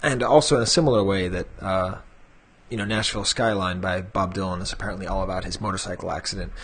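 A man's voice: sits low, fairly even intonation, quick pace, a bit bright, husky. A man hosting a collectors' podcast, chatting in a rambling, self-deprecating way. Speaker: podcast host. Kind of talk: casual podcast chat.

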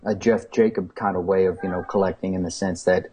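A man's voice: deep voice, fairly even intonation, brisk, darkish tone, a little hiss or hum, low-quality recording. A man guesting on a podcast, telling a long casual anecdote with frequent fillers and laughs. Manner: rambling, laughing, many fillers. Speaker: guest, toy collector.

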